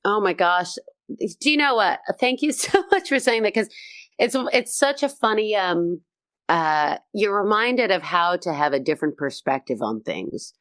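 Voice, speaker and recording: A woman comedian chatting as a podcast guest, telling animated stories and acting out quotes, swearing freely. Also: mid-range voice, moderate pace, no room sound, studio quality. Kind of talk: casual podcast chat.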